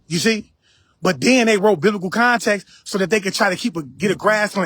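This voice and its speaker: A man with a high-pitched, fairly bright voice speaks briskly in a casual spiritual lecture on a live stream. Preachy in manner, he talks straight to his viewers and repeats his points and phrases. The sound is clean studio audio with no room sound.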